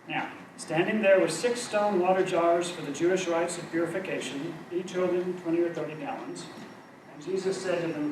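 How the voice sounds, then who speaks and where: A man's voice: high-pitched, moderate pace, a little mellow, slight background noise. A middle-aged man leading a church Bible study group, teaching in a conversational, self-deprecating way. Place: church meeting room. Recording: echoey room recorded from far off.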